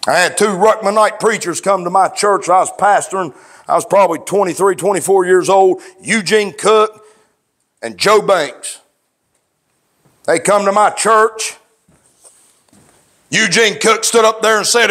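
A male pastor preaching a plainspoken, fervent sermon, swinging from low talk to raised shouts. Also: measured pace, long pauses. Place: church.

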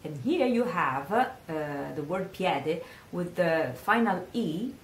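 An Italian-accented woman teaches singers pronunciation, speaking slowly and repeating each word so the student can echo it. Her voice carries a noticeable room echo. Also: lowish voice, animated, slight background noise. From Italy. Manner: coaching, repeats words slowly for the learner to echo. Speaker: singing teacher. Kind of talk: pronunciation lesson.

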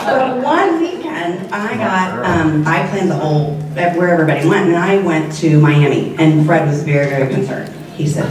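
Woman telling stories at a memorial, slightly low voice, distant and echoey. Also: a little mellow. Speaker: eulogy speaker. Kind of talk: memorial speech with anecdotes. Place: large room at a memorial. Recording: echoey hall, speaker off-mic.

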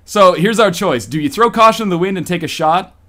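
A man's voice: high voice, fairly quick. A man co-hosting a podcast, reading a romance story aloud with joking asides. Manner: animated, breaks off for joking asides. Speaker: podcast co-host.

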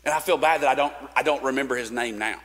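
A pastor preaches a sermon in a church sanctuary, casual and conversational, with fillers and restarts. He speaks fast with a medium, slightly bright voice, and the recording has a long church reverb.

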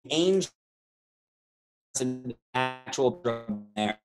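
Over music, a Canadian man with a medium-pitched, expressive voice speaks extremely slowly. A trivia host and tour guide, he hosts a travel trivia game over video call, rambling through side stories thick with fillers.

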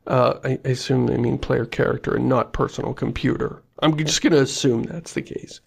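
A man's voice: medium pitch, steady tone, a little fast, creaky, breathy edge. A man co-hosting a podcast in casual chat, jokey and self-mocking, laughing often. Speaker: podcast co-host.

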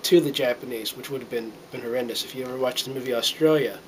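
A middle-aged American vlogger delivers a casual, heartfelt monologue to a handheld camera, his voice mid-range and the audio poor, with faint background noise. Earnest and rambling, he halts often with fillers and restarts, and he sounds a little choked up.

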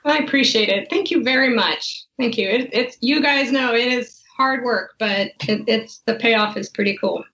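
A woman with a fairly high voice tells her story in a relaxed interview, laughing often and slipping into the voices of the people she quotes. The audio is dull and muffled. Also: normal speed, hardly any pauses. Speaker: guest, wine tasting business founder.

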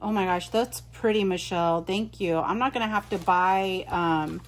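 A woman's voice: mid-range voice, normal speed, a little hiss or hum. A woman vlogger chatting casually as she unboxes mail, gushing and exclaiming often. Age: adult.

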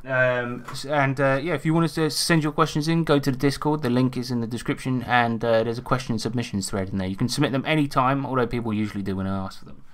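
A man co-hosting a tabletop game podcast, with lively, sweary, teasing banter. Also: mid-range voice, fast, hardly any pauses. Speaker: podcast co-host. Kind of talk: casual banter.

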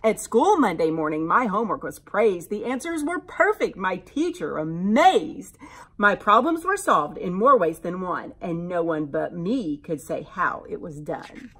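A woman teacher reading a rhyming picture book aloud to children in an animated, expressive way. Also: fairly low pitch, unhurried, breathy edge.

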